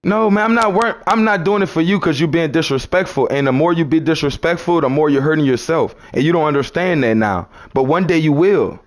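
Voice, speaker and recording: A man with a New Orleans accent preaching on a live stream in a casual, repetitive way. His voice sits a little high for a man. He keeps calling his listeners son and brother. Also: fairly quick, hardly any pauses.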